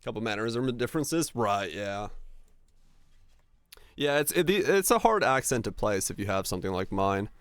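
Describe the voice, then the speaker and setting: A man with a neutral American broadcaster-like accent, livestreaming and chatting casually in a relaxed, rambling way. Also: on the low side, moderate pace, clear, resonant tone, no room sound, studio quality. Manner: relaxed, rambling, many fillers. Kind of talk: casual chat while gaming.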